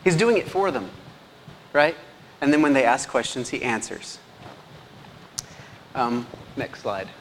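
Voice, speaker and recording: A man's voice: mid-range voice, very animated, measured pace, pauses often. A man who is a teacher, giving a casual slide presentation and checking in with his listeners often. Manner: chatty, checks in with the audience a lot. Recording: long hall reverb, faint background noise.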